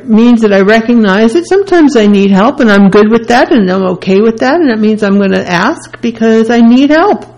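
A woman's voice: mid-range voice, gravelly, a little mellow, low-quality recording. A woman hosting a self-help radio talk, speaking earnestly and candidly in short repeated phrases. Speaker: radio host.

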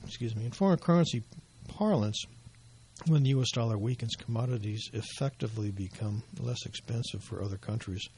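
A man giving financial market commentary in a measured, explanatory way, his voice going hoarse. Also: medium pitch, warm tone, a little hiss or hum. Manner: measured, explanatory, with dry asides. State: losing his voice.

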